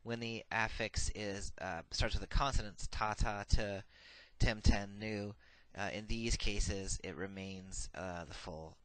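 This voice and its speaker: Man lecturing a grammar course: a somewhat low, dry-recorded voice, patient and methodical, with plenty of "uh"s. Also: steady tone, a bit bright, no room sound, poor audio. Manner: methodical, recites paradigms slowly, frequent "uh" fillers. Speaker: Hebrew grammar teacher.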